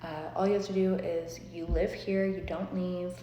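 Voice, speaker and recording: A smooth-talking male recruiter, as a woman retells him, makes his pitch in a casual, offhand way. The sound is roomy, with a long reverb trailing each phrase and a faint hiss underneath. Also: flat delivery, moderate pace, dark tone, highs cut off, close to an everyday voice. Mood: persuasive.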